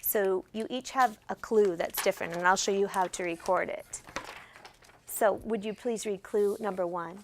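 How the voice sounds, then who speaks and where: A woman's voice: medium pitch, moderate pace, a little hiss or hum. A woman teacher giving classroom instruction, guiding students step by step with patient questions. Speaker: special education teacher.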